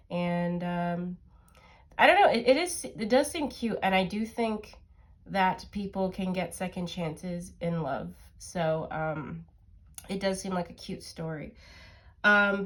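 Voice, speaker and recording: A woman tarot reader with a stuffy, nasal voice, chatting casually and rambling with lots of fillers as she reads the cards. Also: lowish voice. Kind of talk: casual tarot reading chat.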